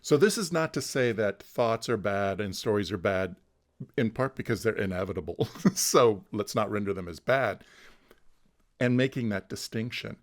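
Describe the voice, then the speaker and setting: A man's voice: on the low side, animated, normal speed. A man facilitating an online mindfulness class, talking through ideas in a thoughtful, casual way that often restarts words and laughs easily. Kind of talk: casual teaching chat. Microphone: online video call.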